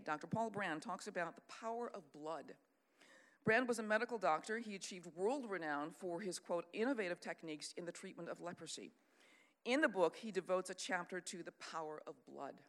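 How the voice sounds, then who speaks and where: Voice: mid-range voice, expressive, normal speed, a bit bright. Earnest lecturing Christian speaker. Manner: earnest, lecturing, reads out long quotations; unscripted, with fillers and restarts. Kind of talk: sermon-style teaching talk.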